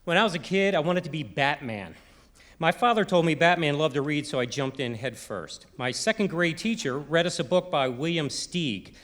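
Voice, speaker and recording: On an arts center stage before a live audience, a middle-aged man from Maryland with a Baltimore accent gives a humorous timed talk and imitates other people's voices. His voice sits on the high side, expressive and fairly bright, at a moderate pace.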